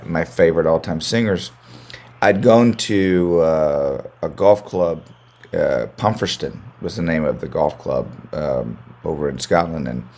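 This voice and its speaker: An American country singer chats as a guest in a casual interview, rambling and repeating words as he restarts his sentences. His voice is deep and a little mellow.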